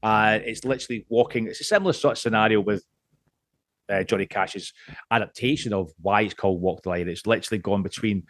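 Podcast guest, man, late 30s, from Scotland; lowish, dry, close-miked, rambling and sweary. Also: fairly quick, fairly bright tone, dry recording. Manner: rambling, swears freely, many restarts. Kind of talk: casual podcast chat.

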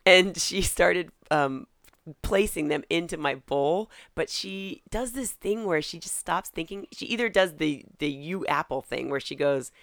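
A woman with a lowish voice, co-hosting a comedy podcast in casual chat. She tells stories in an animated way and acts out the lines of the people in them. Her voice is recorded close and dry. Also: measured pace, dry recording. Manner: animated storytelling, acting out dialogue, frequent laughs. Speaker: podcast co-host.

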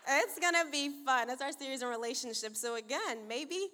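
A woman's voice: high-pitched, lively intonation, brisk, bright, forceful tone, some chatter behind, slight background noise. A woman pastor in her thirties preaching in a church, playful and chatty, laughing often and acting out the dialogue in her stories. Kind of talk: sermon opening with church announcements and storytelling. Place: large church auditorium with long reverb. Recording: reverberant hall sound.

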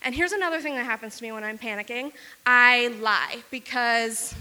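Bright, high-voiced woman telling a story on stage. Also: smooth, long reverb tail. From Wisconsin. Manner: fast, self-mocking, lots of "like". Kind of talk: live comic storytelling.

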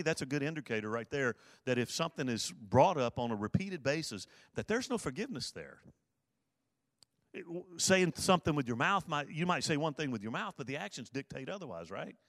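A man's voice: on the high side, expressive, fast, no room sound. Earnest male pastor preaching, dry sound. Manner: earnest, repeats key phrases for emphasis. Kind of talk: sermon.

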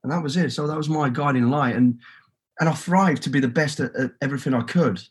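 A middle-aged man with a Birmingham accent speaks bluntly, swearing as he tells his story. His voice is husky and of middling pitch. He is a guest on a podcast interview. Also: fast talker. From England. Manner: blunt and swearing freely, telling stories with quoted inner thoughts.

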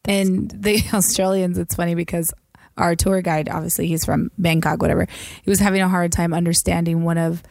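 Chatty woman with a gravelly voice. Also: on the low side, level tone, a little fast, darkish tone, no echo, studio quality. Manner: chatty storyteller, lots of fillers and quoted voices. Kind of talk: casual chat.

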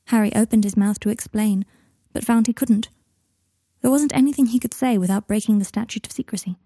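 Woman reading fanfic aloud, mellow voice, dry close sound. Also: fairly high pitch, a little fast, no room sound. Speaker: narrator. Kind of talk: audiobook fan fiction reading.

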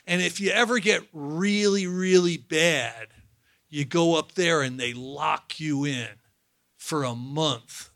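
Guy telling his story to a crowd, high bright voice, stumbles and repeats, wry and honest, dry close sound. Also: vocal fry, dry recording. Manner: halting, repeats words, wry and candid. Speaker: speaker sharing his recovery story. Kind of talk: personal storytelling to an audience.

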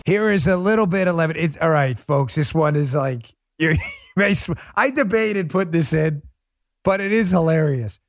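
Talk radio host, man from Queens, a bit high-pitched, lively and joking, dry close mic. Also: moderate pace, no echo, faint music behind. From New York, Queens. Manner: animated, laughing, chatty.

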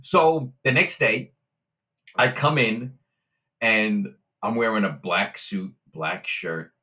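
A man telling a story as a guest in casual conversation, animated and acting out the voices of the people he quotes. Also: lowish voice, takes it slowly, narrow, tinny audio.

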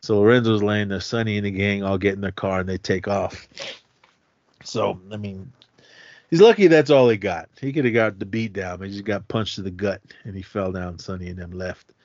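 A man's voice: fairly low pitch, moderate pace, no echo. A man co-hosting a podcast, retelling a film's plot in casual chat and acting out the characters' lines. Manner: animated retelling, acts out quotes. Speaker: podcast co-host. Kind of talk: casual movie recap. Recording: slightly muffled, dry sound.

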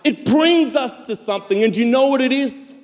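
A man's voice: extremely high pitch, brisk, a little mellow. A man in his fifties preaching a sermon, calling out to his congregation as he speaks. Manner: preaching cadence with calls to the congregation. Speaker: pastor. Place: large church hall. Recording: reverberant hall.

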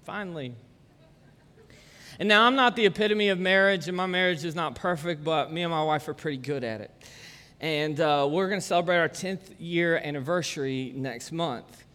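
A man's voice: a little high, a little fast, bright, forceful tone, smooth. A man, preaching a casual, conversational sermon full of jokes and chatty asides. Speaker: pastor. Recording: long church-hall reverb.

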